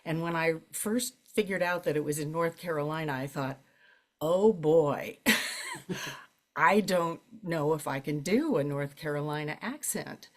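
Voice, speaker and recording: An older woman with a lower-pitched voice recounts her career in a lively, chatty way. Her pitch swoops high whenever she stresses a point or mimics someone, and she laughs often between phrases. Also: a little slow. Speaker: audiobook narrator. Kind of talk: relaxed conversational storytelling. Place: library event, interview setting.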